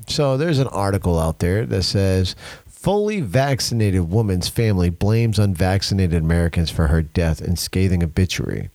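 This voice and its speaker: A man's voice: deep voice, a little mellow, dry recording. A man hosting a podcast, reading news headlines aloud and arguing against them in a casual, opinionated way. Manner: opinionated, reads headlines aloud then argues. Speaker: podcast host.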